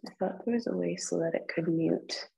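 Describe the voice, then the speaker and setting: A woman's voice: lowish voice, a little fast, vocal fry, mellow, roomy sound, low-quality recording. A woman teaching tenor drumming in an online group lesson, patiently counting the rhythms aloud with frequent ums. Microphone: video call microphone.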